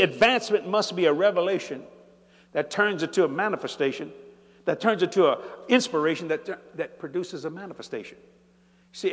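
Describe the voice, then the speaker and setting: An older man preaching a sermon in a large church, animated and folksy, building from easy talk to shouts. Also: on the high side, big-room sound.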